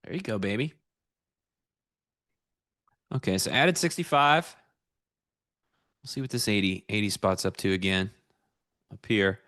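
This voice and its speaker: A man's voice: fairly low pitch, unhurried, pauses often, a bit bright, no echo, studio quality. A man co-hosting a live trading stream, chatting casually and laughing often. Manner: laughs often, playful and upbeat. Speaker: co-host and futures trader. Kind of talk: casual live-stream banter about trades. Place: studio.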